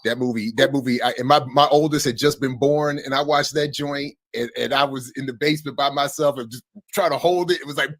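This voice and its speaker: A man's voice: mid-range voice, fairly even intonation, fairly quick, dry recording. Laid-back man telling a story, dry sound. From United States. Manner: storytelling, stammering restarts, laughs through lines. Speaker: co-host. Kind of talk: casual chat.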